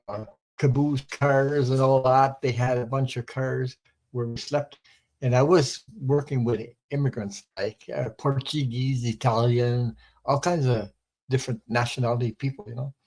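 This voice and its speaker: A man's voice: mid-range voice, a little mellow, low-quality recording. Older french canadian guy, mid voice, rambling anecdotes, keeps cracking up. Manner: rambling anecdotes, laughs at his own stories. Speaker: guest. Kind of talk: casual storytelling chat.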